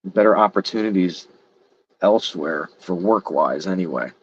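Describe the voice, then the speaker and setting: A man's voice: sits low, lively intonation, moderate pace, slightly rough. A middle-aged man in casual chat, frustrated and rambling, swearing heavily. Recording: dull lo-fi sound.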